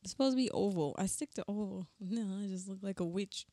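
A young woman co-hosting a podcast in casual chat, playful and quick to laugh. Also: mid-range voice, warm tone, no room sound. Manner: playful, giggly. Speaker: podcast co-host.

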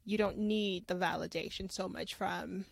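A woman's voice: fairly low pitch, fairly even intonation, normal speed, creaky, no echo. A woman hosting a podcast in a casual interview, reflective and repeating words for emphasis. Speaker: podcast host.

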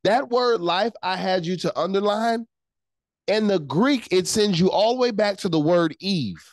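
A pastor delivers a livestreamed sermon with a lively, wide-ranging pitch that climbs and drops on key words. The sound is dry and close. The preacher repeats phrases for emphasis and calls out to the chat. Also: a little slow, dry recording, poor audio.

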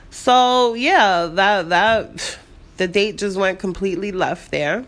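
A young woman with a New York City accent, rambling through a story in a casual, animated way and swearing freely. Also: mid-range voice, slow. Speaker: vlogger.

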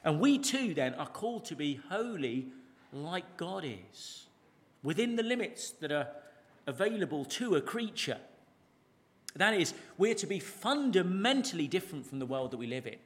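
A man delivering a sermon with a lively, swooping delivery, his voice sitting a bit high for a man. He leans on key words, drawing them out slowly, and poses questions to the congregation. The sound carries a long reverb from the church around him, and his voice moves closer to and farther from the pulpit mic. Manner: animated, drawn-out emphasis, rhetorical questions. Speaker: pastor. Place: church service, large room.

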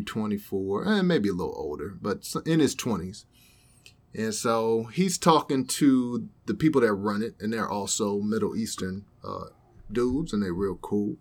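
A man's voice: on the low side, animated, unhurried. A man hosting a podcast, telling a story in a rambling, laid-back way. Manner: rambling, laid-back, many fillers and asides. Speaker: podcast host. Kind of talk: casual storytelling chat.

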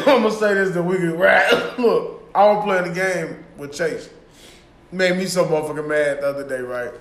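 A man's voice: high-pitched, measured pace, fairly bright tone, reverberant. A man co-hosting a podcast, talking loosely and profanely and laughing often. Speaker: podcast co-host. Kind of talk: casual chat.

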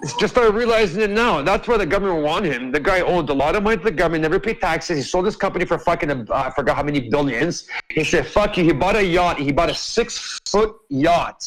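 High-pitched ranting man, swearing. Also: expressive, quick pace, hardly any pauses, fairly bright tone, low-quality recording. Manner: ranting, emphatic, heavy swearing. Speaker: host. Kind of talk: open-mic group chat.

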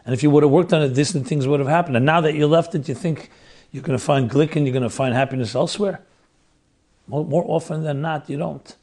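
Husky man losing his voice, earnest. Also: fairly high pitch, fast, a little mellow. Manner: earnest, explains with lists and repetition. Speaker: speaker on relationships. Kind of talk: religious talk.

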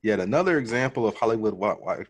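A man with a fairly low voice co-hosting a casual podcast. He talks in a relaxed, easygoing way. He brings in news items by reading them out. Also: fast. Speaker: podcast co-host. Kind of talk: casual chat.

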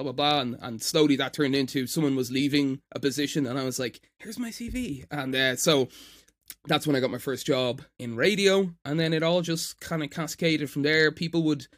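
A man in his thirties with an Irish accent, chatting casually on a podcast as a guest, self-mocking and quick to laugh. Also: medium pitch, dry recording, studio quality. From Ireland. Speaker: podcast guest, voiceover freelancer.

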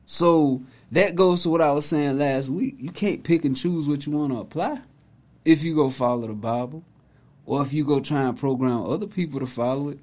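A man's voice: fairly high pitch, moderate pace, a little mellow. A man hosting a casual commentary video, talking in an emphatic, preachy, conversational way. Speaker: host, commentator.

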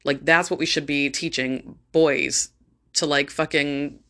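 A woman's voice: sits low, fairly even intonation, unhurried, pushed and bright. A middle-aged woman talking casually and bluntly, swearing often and using lots of fillers. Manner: blunt and profane, frequent fillers. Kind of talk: casual opinion monologue.

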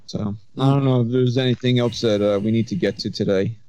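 A man's voice: medium pitch, fairly even intonation, darkish tone, dry recording. Rambling man telling a story. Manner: rambling storyteller, quick, self-interrupting. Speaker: podcast host. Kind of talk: casual chat. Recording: slightly dull sound.

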